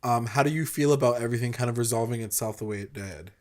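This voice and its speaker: An enthusiastic co-host on a laid-back TV recap podcast. The voice has an ordinary middle pitch. The talk is loose and fast-flowing, full of "like", with the odd swear word. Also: darkish tone. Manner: casual and enthusiastic, heavy filler "like", mild swearing. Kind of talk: casual TV recap chat.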